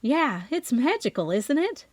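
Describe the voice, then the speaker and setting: A woman voicing a cheerful young amateur sleuth in an audiobook, with a bright, upbeat delivery. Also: sits high, sing-song, measured pace, no room sound, pitched above the performer's own voice.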